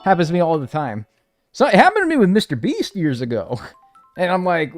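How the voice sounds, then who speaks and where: Streaming a video game, this man speaks in a brisk, high-pitched voice with no echo. His casual, profane chatter wanders through stories he acts out with imitated voices, over faint background music.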